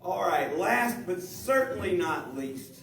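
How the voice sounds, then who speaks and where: High-voiced host guy hyping the next comic, echoey club, noise in the back. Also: animated, takes it slowly, vocal fry. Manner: upbeat, hypes the crowd. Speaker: comedy show host. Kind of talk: introducing acts. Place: comedy club room. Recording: roomy club sound from far off, noisy.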